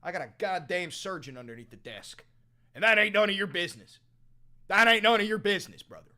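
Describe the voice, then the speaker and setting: A young man plays a brash, foul-mouthed livestreamer who calls everyone brother. The voice is bright and pushy, and it swerves between low mumbling and loud outbursts in a comedy sketch. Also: animated, a little fast. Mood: indignant. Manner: swaggering, profane, swings from mumbling to shouting.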